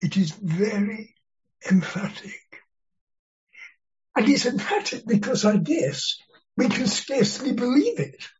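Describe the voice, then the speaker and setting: A preacher giving an expository sermon, speaking in a slow, deliberate and earnest way and leaning on key words. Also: mid-range voice, big pitch swings, a little mellow. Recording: dull lo-fi sermon recording.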